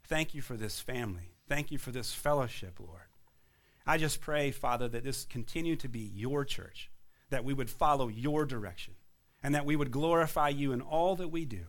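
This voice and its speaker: A pastor leading an earnest closing prayer, then making announcements to the congregation in a church hall. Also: male voice, medium pitch, lively intonation, moderate pace. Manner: earnest, fervent praying.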